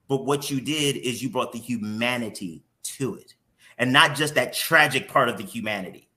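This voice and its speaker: A man's voice: mid-range voice, normal speed, sharp tone. A man hosting a morning show interview who talks candidly and openly emotionally, with some casual swearing.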